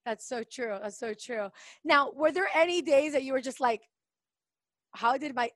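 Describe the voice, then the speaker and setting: A woman hosts a podcast interview with a high-pitched voice. She reacts enthusiastically to her guest and asks quick follow-ups. Her recording is dry, with no room sound around it. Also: a bit bright, no room sound. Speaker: podcast host. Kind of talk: casual interview chat.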